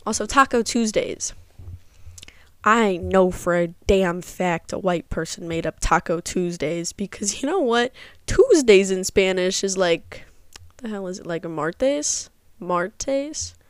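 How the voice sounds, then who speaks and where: A woman's voice: mid-range voice, expressive, a little slow, clean tone, no echo. A young woman hosting a casual solo podcast, rambling and sarcastic, swearing freely as she rants. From Midwest of the United States. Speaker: podcast host.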